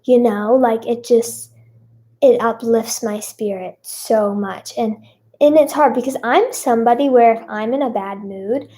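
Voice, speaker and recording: A woman's voice: a little high, dark tone, slight background noise. A young woman singer answering fan questions in casual chat, bubbly and self-conscious, with many fillers.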